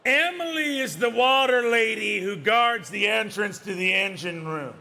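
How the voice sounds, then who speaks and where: A man's voice: high voice, expressive, measured pace, gravelly, bright, forceful tone, heavily acted. A man voicing an ancient male kobold mechanic who talks in a blustering, incredulous way. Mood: bewildered.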